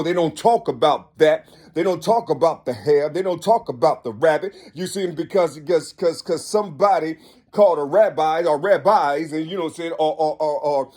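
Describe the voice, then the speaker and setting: A husky man in his 50s with a fairly high voice rambles through a spiritual monologue. He loops back on himself with plenty of profanity and repeated asides, climbing into sudden shouts and then dropping low again.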